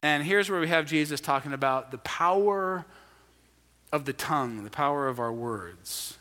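Bright, high-voiced pastor in a reverberant hall. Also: male voice, animated, normal speed. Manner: conversational, acts out quoted lines. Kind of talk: sermon. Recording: long reverb of a large hall.

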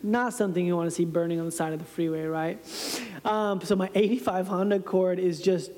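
A man's voice: high voice, fairly even intonation, brisk, a little mellow. A man in his thirties giving a storytelling sermon as a pastor, conversational and self-deprecating, often laughing at himself. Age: 30s. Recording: reverberant hall sound.

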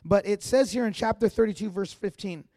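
Male pastor, high-pitched, passionate sermon delivery with stammered repeats; dry, close recording. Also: brisk, no room sound. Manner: passionate preaching with loud emphatic peaks and stammered repeats.

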